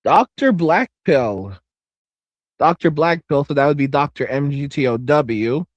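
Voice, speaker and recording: A man's voice: on the high side, expressive, measured pace, dry recording, highs cut off. A middle-aged man hosting a casual livestream, rambling, swearing a lot and repeating phrases while he reads viewer comments aloud. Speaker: livestream host reading chat. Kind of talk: casual profane livestream chat.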